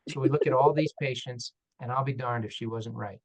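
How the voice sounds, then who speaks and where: A man's voice: mid-range voice, fairly quick, low-quality recording. A man, an orthopedic surgeon, tells stories in a panel discussion, candid and self-deprecating, acting out the dialogue as he goes. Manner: animated, acts out dialogue in quotes.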